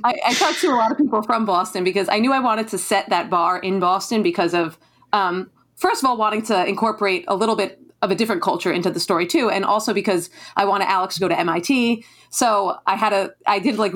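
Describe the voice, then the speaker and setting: New Jersey-accented woman, guest author, rapid chatty delivery full of "like"s, mid pitch. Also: fairly bright tone. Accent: northern New Jersey. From northern New Jersey, US. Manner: chatty, many fillers and "like"s. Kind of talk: casual conversational interview.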